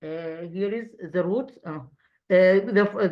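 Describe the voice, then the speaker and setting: A woman teacher with an Egyptian accent, a native Arabic speaker, explaining an English lesson to children with halting restarts and quizzing questions. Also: medium pitch. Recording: dull lo-fi sound.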